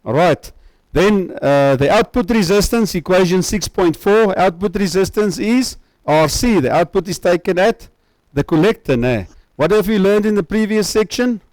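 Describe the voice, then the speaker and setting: A man's voice: high-pitched, animated, moderate pace, a little mellow, no echo, low-quality recording. A man giving a university lecture, often checking that students follow with tag questions.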